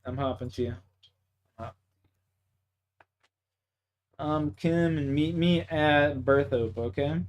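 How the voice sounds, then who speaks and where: A man's voice: on the high side, slow, pauses often. A man from Canada, chatting casually and cursing while streaming a game and telling stories. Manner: profane, excitable storytelling with laughs. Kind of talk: casual chat while gaming.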